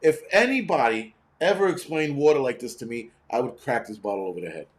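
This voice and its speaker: A man's voice: mid-range voice, expressive, fairly quick. A man in his fifties hosting a casual livestream, rambling and sarcastic with constant swearing. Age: 50s. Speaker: livestream host.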